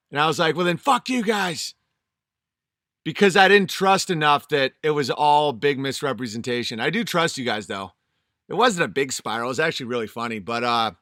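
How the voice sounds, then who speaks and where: A man's voice: fairly high pitch, bright, forceful tone, no room sound, clean studio sound. A man in his thirties, a channel host, delivering an angry, profane and emphatic vlog monologue.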